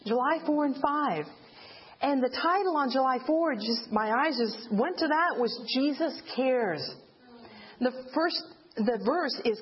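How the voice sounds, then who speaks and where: A woman giving an earnest personal faith testimony as a widow, telling her story plainly and rising in pitch when she relives her cries. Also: lively intonation, measured pace, husky. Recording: dull lo-fi recording.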